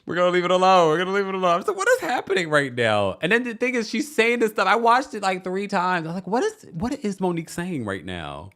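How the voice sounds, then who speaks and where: A man hosting a chatty reality TV recap, sassy and animated, talking straight to his viewers and acting out what people said. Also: high-pitched, fast, hardly any pauses. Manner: animated and sassy, acts out quotes in shifting voices; chatty, addresses viewers directly. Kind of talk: casual recap commentary.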